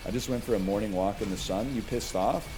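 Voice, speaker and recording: A man's voice: on the low side, fast, music in the background. A man in his thirties, a streamer chatting casually and jokingly while he plays a video game, drifting from one tangent to the next. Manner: rambling, joking, wanders off on tangents.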